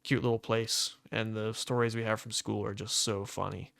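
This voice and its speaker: A man's voice: lowish voice, flat delivery, normal speed, gravelly, fairly bright tone, no echo, studio quality. A young man co-hosting a podcast, telling stories in a loose, rambling way full of fillers. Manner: rambling storyteller with many fillers. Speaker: podcast co-host. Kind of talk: casual chat.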